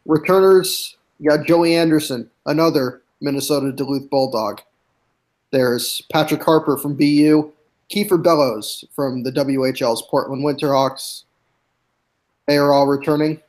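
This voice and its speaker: A man on a hockey podcast, reading through a team roster name by name in a measured, steady way. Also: fairly high pitch. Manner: reads lists of names in a measured, steady way. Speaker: guest hockey analyst.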